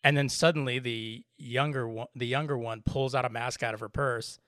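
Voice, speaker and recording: A man's voice: medium pitch, fairly even intonation, moderate pace, a bit bright, dry recording, clean studio sound. A middle-aged man telling a story in easygoing podcast chat, laughing often. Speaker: podcast co-host. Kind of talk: casual chat.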